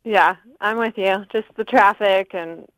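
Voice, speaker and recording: A woman's voice: mid-range voice, a little slow, a bit bright, no room sound, rough recording. A woman with a mid-range voice calls in to a radio show and chats agreeably. Her voice is dry and close. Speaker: caller.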